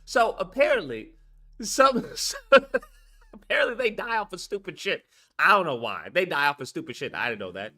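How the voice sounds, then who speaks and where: A young man talking casually to his viewers as host, telling stories in an excitable, profane way. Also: high-pitched, normal speed. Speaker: streamer host.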